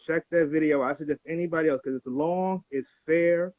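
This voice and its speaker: A man's voice: on the high side, fairly quick, no room sound. A man from the United States calling in to a live stream, talking in a hesitant, rambling way. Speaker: caller. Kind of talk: casual call-in talk. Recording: tinny phone-like line.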